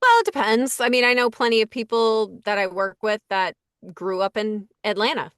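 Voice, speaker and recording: A woman's voice: a little high, moderate pace, a bit bright, dry recording, clean studio sound. A woman who works as a voice director and casting associate, talking casually in an interview and thinking aloud with lots of fillers. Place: Los Angeles.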